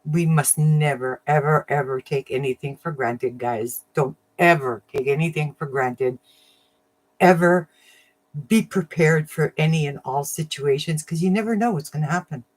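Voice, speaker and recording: A woman hosting a casual crafting livestream, chatting warmly with viewers, getting emotional and laughing often. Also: sits low, moderate pace. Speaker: livestream host of a crafting channel.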